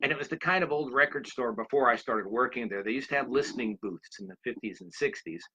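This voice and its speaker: Bright-voiced man in his 60s telling stories. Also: mid-range voice, fast, breathy edge. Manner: rambling anecdotes, addresses listeners directly. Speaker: speaker. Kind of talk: motivational storytelling talk. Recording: dull lo-fi recording.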